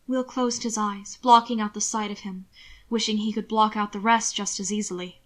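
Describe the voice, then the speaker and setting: A woman narrating a novel in a soft, even storytelling voice. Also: mid-range voice, normal speed. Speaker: audiobook narrator.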